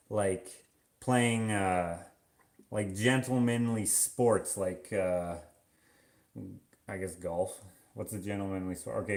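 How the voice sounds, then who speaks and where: Standing at the sink doing dishes, a Canadian-accented man rambles casually for his vlog, thinking out loud and wandering from topic to topic with many fillers. His voice sits on the low side and has a darkish tone.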